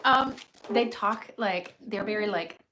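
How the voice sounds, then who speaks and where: A woman's voice: mid-range voice, slow, background noise. A young woman hosting a casual livestream, talking through advice with many fillers and asides to her viewers. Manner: chatty, filler-heavy, frank advice. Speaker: livestream host.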